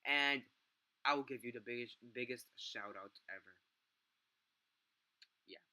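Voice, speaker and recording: A man's voice: mid-range voice, unhurried, pushed and bright. A young man vlogging a film review, ranting in a profane, exasperated way with lots of fillers and restarts.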